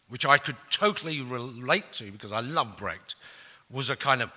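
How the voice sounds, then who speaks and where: A man, telling blunt, profane stories to an audience, jumping from loud outbursts to hushed asides. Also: medium pitch, animated, normal speed. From England. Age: 60s. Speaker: speaker. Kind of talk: storytelling talk to an audience. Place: large hall with an audience. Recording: long reverb of a large hall.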